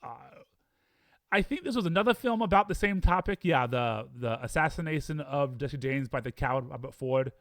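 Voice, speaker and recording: Lively, animated man ranking films. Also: mid-range voice, moderate pace, no echo, clean studio sound. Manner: chatty, enthusiastic, debates rankings aloud with himself. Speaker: film reviewer. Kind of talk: casual film-ranking monologue.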